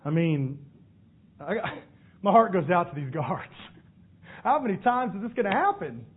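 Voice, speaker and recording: A male pastor preaching a sermon, telling the story in an animated way and acting out the voices. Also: high-pitched, measured pace, breathy edge. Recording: phone-like narrow band.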